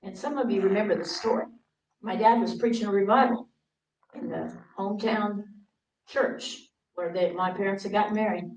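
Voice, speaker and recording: A woman's voice: mid-range voice, fairly even intonation, moderate pace, highs cut off. Woman preaching in a roomy space. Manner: acts out her younger self in a raised, pleading voice; drops to a soft, hushed voice for quiet moments. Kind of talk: sermon with personal storytelling. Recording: roomy sound from a distant mic.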